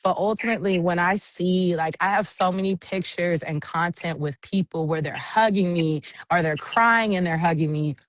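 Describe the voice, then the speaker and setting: A woman's voice: on the low side, moderate pace, hardly any pauses, no room sound. A woman who works as an event MC, casually telling stories in an interview and acting out the voices of people she quotes. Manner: animated storyteller, acts out quotes. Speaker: event MC, guest.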